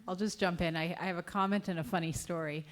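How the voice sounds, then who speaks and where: This is a woman with a fairly low voice, speaking on a conference panel as a clinician. She shares a wry anecdote in a relaxed storytelling manner. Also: fast.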